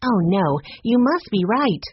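A gentle young girl who speaks with soft worry, as a woman reading a storybook puts her on. Her voice is a little breathy and rises in alarm. The recording is muffled and lo-fi. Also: mid-range voice, very animated, measured pace, no echo, voice pushed up. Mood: worried.

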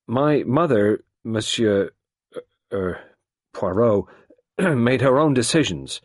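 A man's voice: medium pitch, animated, no echo, studio quality, pitched above the performer's own voice. A man doing a nervous, irritable young man. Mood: irritated. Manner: hesitant, halting, then curt.

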